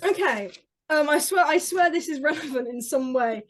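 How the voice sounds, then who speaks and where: A woman telling stories in an excitable, rambling way on a podcast, with many restarts. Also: high-pitched, moderate pace. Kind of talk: casual chat, rambling storytelling. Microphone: podcast mic.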